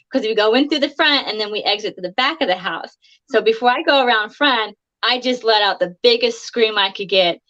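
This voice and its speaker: Bright-voiced woman telling chatty stories. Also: on the high side. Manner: chatty anecdotal storytelling, laughs often. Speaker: guest actress. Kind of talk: casual live-stream chat. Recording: dull lo-fi stream audio.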